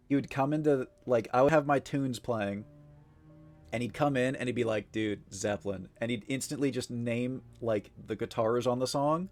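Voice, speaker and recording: A man's voice: medium pitch, darkish tone. A man streaming live, chatting casually with viewers in a rambling way, full of fillers, frequent swearing and easy laughs. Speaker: livestreamer.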